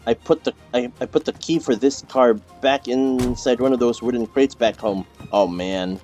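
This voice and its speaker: A man's voice: mid-range voice, moderate pace, darkish tone, soft background music. Rambling male streamer chatting while gaming. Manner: rambling, repeats words, many fillers and restarts. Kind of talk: casual gameplay chat with teammates.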